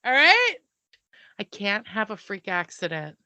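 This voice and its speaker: Here the podcast co-host, a woman in her fifties, keeps up animated chatter sprinkled with casual swearing. Her medium-pitched voice swings hugely, bright and forceful, at a measured pace with no room sound.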